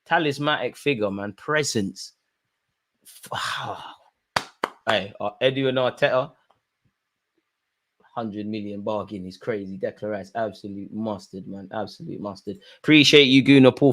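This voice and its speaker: A man's voice: mid-range voice, a little slow, long pauses, slight background noise. A young man chatting on a live football stream, reading out super chats in a rambling, slangy way. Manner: animated, slangy, rambling with fillers. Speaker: football watch-along streamer.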